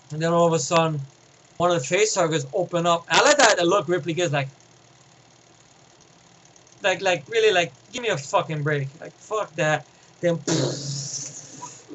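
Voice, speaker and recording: A man giving a casual, rambling film review, excitable and profane, often restarting his sentences. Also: high voice, poor audio.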